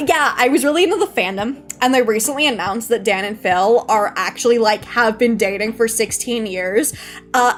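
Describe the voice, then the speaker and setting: A woman live-streaming and chatting casually with viewers, giggly and emotional, often saying she is about to cry. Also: high voice. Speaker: VTuber streamer. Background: faint background music.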